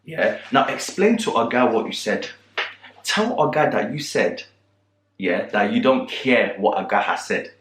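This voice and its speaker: A man's voice: fairly low pitch, lively intonation, unhurried, a bit bright. A man voicing a pushy bricklayer who insists and demands over and over. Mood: insistent. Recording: roomy echo.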